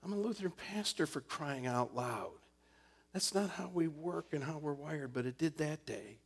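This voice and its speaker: Male pastor, sermon storyteller, earnest and emphatic, with a gravelly, creaky edge to his voice. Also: on the high side, normal speed. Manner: earnest storytelling preacher, building to emphatic points.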